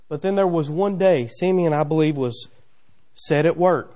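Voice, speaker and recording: Man, church preacher, high voice, animated, folksy rhetorical questions. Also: unhurried. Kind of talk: sermon. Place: church sanctuary.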